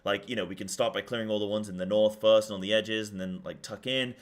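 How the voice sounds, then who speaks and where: Speaking quickly in a steady, lowish voice, a young man streams and chats about a game in a relaxed way. His thoughts run on loosely, with lots of fillers.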